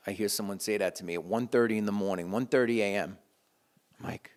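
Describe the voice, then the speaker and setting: A middle-aged man telling a heartfelt story in a casual, halting way, with frequent restarts. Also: lowish voice, steady tone. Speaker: guitarist sharing a memory.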